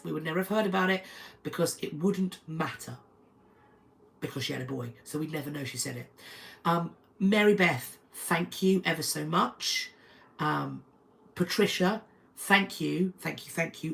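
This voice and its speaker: Gravelly woman hosting a live stream. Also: low voice, moderate pace, fairly bright tone, poor audio. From North London, England. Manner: chatty, thanks viewers one by one, restarts sentences. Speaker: history channel host. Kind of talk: live stream, history talk and chatting with viewers. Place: at home.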